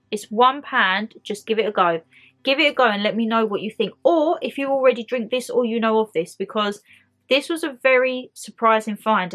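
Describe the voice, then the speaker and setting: A young woman, a beauty and lifestyle vlogger, chats enthusiastically to camera at home about her monthly favourites, speaking straight to her viewers. Her voice is a little high and fairly bright.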